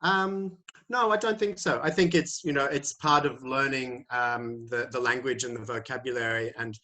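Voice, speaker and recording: Hesitant teacher on a call. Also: male voice, medium pitch, fairly even intonation, normal speed, pushed and bright. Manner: hesitant, many fillers and restarts. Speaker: IELTS teacher. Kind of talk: answering questions in a webinar. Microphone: video call.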